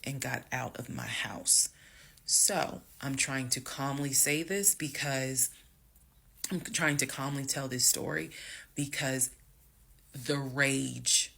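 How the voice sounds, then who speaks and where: A woman telling a story from her own life to viewers, emphatic and direct, dropping to hushed whispers and rising to loud bursts. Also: very deep voice, gravelly. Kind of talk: storytime monologue.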